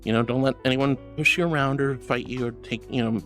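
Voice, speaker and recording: A VTuber streamer chatting with viewers live, affectionately calling them honey and sweetheart, moving between soft reassuring advice and high excited thanks. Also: a little fast. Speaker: VTuber livestreamer. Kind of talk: casual livestream chat reading and pep talk. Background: faint music.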